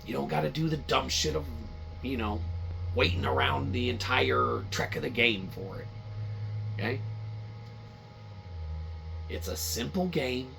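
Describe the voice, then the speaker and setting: A man's voice: medium pitch, measured pace, creaky, long pauses, fairly bright tone, a little hiss or hum. A man hosting a podcast, ranting casually about a video game in a rambling, profane, repetitive way. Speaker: podcast host. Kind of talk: casual game-review rant.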